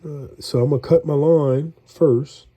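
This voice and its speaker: A man's voice: a little high, fairly even intonation, unhurried, muffled recording. A middle-aged man, congested, chatting in a rambling, folksy way as he cooks for a vlog. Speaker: home cook. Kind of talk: casual cooking vlog.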